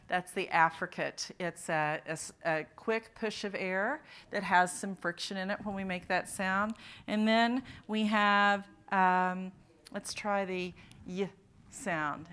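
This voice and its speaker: Quizzing a roomful of teachers, a woman presents a phonics workshop at a conference in a hall. She has a medium-pitched voice with a clean, pushed, bright tone.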